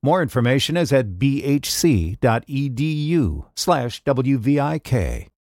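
A male station announcer reading station identification and sponsor credits in a lively, upbeat manner. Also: medium pitch, measured pace, no echo, clean studio sound.

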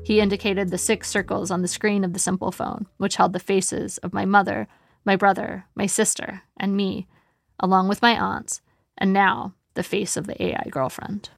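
A woman narrating an audiobook in a wry, steady storytelling manner. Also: mid-range voice, moderate pace, gravelly, no echo.

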